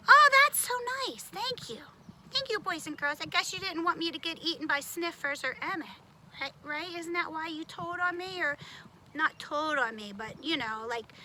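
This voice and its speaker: A woman's voice: high voice, a little hiss or hum. A woman voicing Ty, a young male tiger puppet in a children's show, whiny and dramatic. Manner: whiny, dramatic, swings between pleading and excitement.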